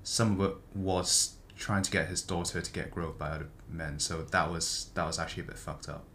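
A man's voice: low voice, steady tone, fairly quick, a bit bright. A man in casual chat about a book, hesitant and thinking aloud as he talks. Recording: faint background noise.

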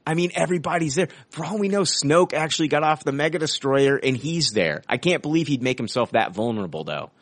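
A man co-hosting a podcast, talking excitedly about a film trailer and swearing casually. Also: a little high, brisk, hardly any pauses, dry recording. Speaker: podcast co-host.

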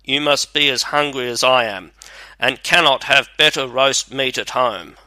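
A man's voice: medium pitch, measured pace, pushed and bright, no echo, rough recording. A man voicing a bold, hungry soldier with a hearty, plainspoken manner in a storybook reading. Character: hungry bold male soldier, fearless and blunt.

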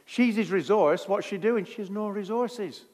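A man's voice: sits high, moderate pace, a little mellow, in a large hall. A man preaching a sermon in a jokey, conversational way.

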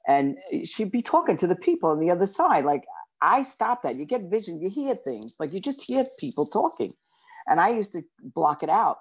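A woman from Brooklyn, a psychic and author telling her story in an interview, talking fast and acting out quotes. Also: fairly low pitch, very animated, husky. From Brooklyn, New York.

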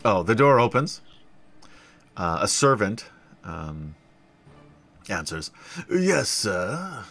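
A man narrating a tabletop game as its game master, his pitch swinging widely as he rambles and laughs. Faint music plays underneath. His delivery is loose and chatty. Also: expressive, slow, fairly bright tone.

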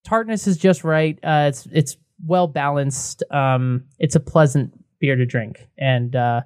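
Young male co-host, chatty, giggly, a touch high, dry sound. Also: unhurried, darkish tone, clean tone, no echo. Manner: chatty, laughs often, self-correcting. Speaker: podcast co-host. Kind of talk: casual beer review chat.

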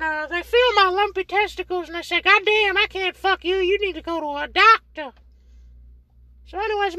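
A squeaky, lewd oddball guy. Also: sharp tone, no echo. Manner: high strained put-on voice, babbling crude nonsense. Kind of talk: solo comedy podcast bit.

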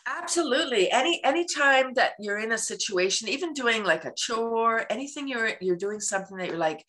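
Woman interview guest: bright, animated and expressive, breaks into laughter, plays out everyday moments. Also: a little high, brisk, hardly any pauses. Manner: animated, laughs often, acts out everyday scenes. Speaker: guest, laughter yoga advocate. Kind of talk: casual interview talk.

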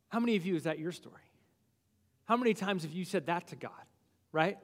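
Pastor, male, high voice, lively sermon with acted-out asides, big reverberant church room. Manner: animated, acts out biblical figures' objections in quick asides. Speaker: lead pastor. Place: church sanctuary.

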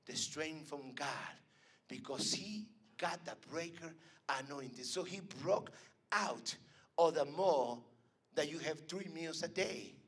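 A man preaching a sermon at an evening church service, swinging between loud emphatic calls and hushed lines. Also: fairly high pitch, animated, takes it slowly, husky.

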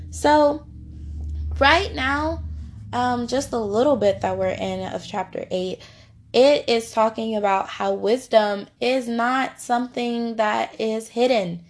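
A woman's voice: a little high, takes it slowly. A woman hosting a podcast Bible study, teaching in a chatty, informal way and laughing easily. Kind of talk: casual devotional teaching.

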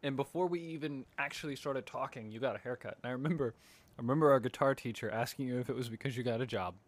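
A young man in casual chat, teasing his friend and telling stories with animated energy. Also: medium pitch, fast talker.

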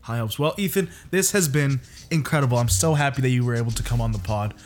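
Podcast host: young Canadian man, animated joker, mid-range voice. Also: medium pitch, fast talker. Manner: joking, animated storyteller. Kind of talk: casual podcast chat.

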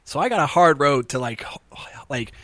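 A man's voice: medium pitch, expressive, normal speed, fairly bright tone, no room sound. A man in casual podcast chat, joking and laughing often, with stumbling restarts. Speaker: comedian.

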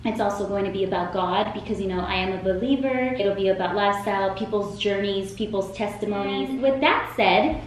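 A woman's voice: medium pitch, brisk. Chatty woman podcast host, echoey room. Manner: enthusiastic, chatty. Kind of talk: casual podcast chat. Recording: very echoey room, faint noise.

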